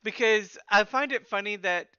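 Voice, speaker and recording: A man running a tabletop game as game master over online voice chat, teasing his players in a dry, unhurried way. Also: sits high, bright, forceful tone, smooth, dry recording, lo-fi sound.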